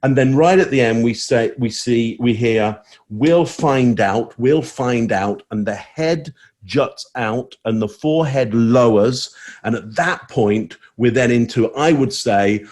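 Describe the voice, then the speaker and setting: A man analyzing body language on a casual online panel, talking in a relaxed way with fillers as he thinks aloud. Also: mid-range voice, a little slow.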